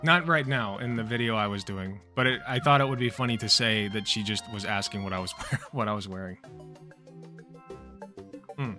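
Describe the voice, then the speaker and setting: A man's voice: fairly low pitch, moderate pace, bright, forceful tone, soft background music. A man hosting a livestream, rambling and setting up a stand-up comedy bit for his chat. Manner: rambling, joking, with restarts. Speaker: livestream host.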